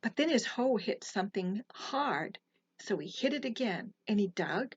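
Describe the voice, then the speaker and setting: A woman telling folktales to children in a soft, gentle way, with hushed asides. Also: medium pitch, animated, a little slow, slightly rough, no echo. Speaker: storyteller. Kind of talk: storytelling for children. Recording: slightly muffled, dry recording.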